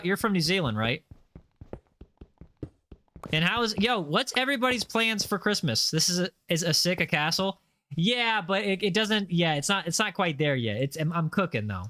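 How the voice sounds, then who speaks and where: A man's voice: on the high side, sharp tone, no room sound. A man chatting casually on a gaming livestream, rambling with lots of fillers and playful boasts. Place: home setup, lives in Los Angeles.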